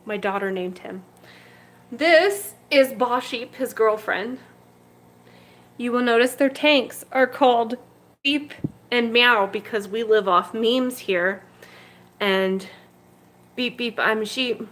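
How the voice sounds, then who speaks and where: On a relaxed livestream, a betta breeder and channel host wanders her home fish room with a handheld camera, cooing at and chatting fondly to her fish. Her voice is fairly high and fairly bright, and she takes it slowly, pausing often.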